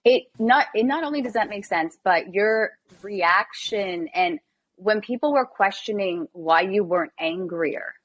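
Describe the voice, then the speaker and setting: A woman's voice: medium pitch, lively intonation, a little slow, a bit bright, no echo. A woman in her thirties hosting a podcast, empathetic and emphatic, talking in bursts with restarts. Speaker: podcast host. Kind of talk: interview conversation.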